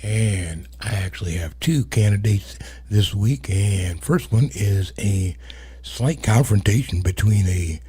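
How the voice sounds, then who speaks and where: Deep-voiced man hosting blunt commentary. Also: slow pace, mellow, husky. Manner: blunt, profane, laughs at own jokes; many fillers and trailing asides. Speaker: host. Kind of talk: casual commentary.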